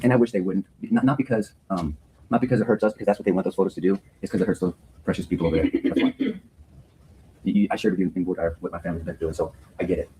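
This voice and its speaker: Rapid-fire earnest man addressing a jury. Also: sits low, steady tone, mellow, slight background noise, poor audio. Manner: earnest, full of repeated words and restarts. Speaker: defense attorney. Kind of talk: courtroom opening statement to a jury. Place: courtroom.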